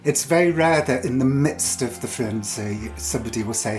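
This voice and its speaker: A man's voice: mid-range voice, a little fast, few pauses, darkish tone, soft background music. A man hosting a podcast, narrating and interviewing in a thoughtful, conversational way.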